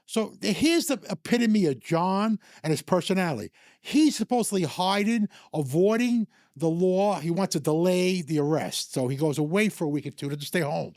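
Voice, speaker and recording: A man's voice: high-pitched, expressive, normal speed, a little mellow, dry recording, clean studio sound. An older man from the New York area telling stories casually, rambling with restarts and chuckles. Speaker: storyteller guest. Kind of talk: casual storytelling.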